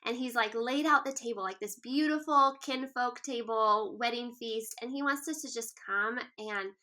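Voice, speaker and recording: A guest author in her thirties chats in a casual interview at a moderate pace, her fairly high voice sounding pushed and bright. Earnest and reflective, she leans often on "um" and "like."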